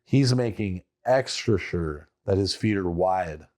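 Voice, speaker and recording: Casting note: young male podcast co-host, slightly low voice, animated sports talk. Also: slow pace. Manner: animated, mimics players with loud quoted outbursts. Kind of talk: casual sports chat.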